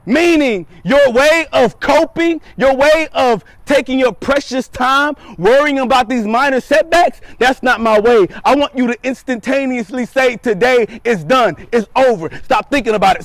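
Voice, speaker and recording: Stern insistent god voice, guy doing it, really high pitched, keeps repeating himself. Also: fairly bright tone, no echo. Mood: firm. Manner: insistent, repeats lines for emphasis. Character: God, stern male divine voice urging.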